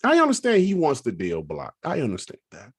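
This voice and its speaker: A man's voice: mid-range voice, wildly swooping pitch, fairly quick, breathy edge, no room sound, clean studio sound. A man on a gaming podcast panel, chatting casually and exclaiming, with repeated questions. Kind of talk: casual chat.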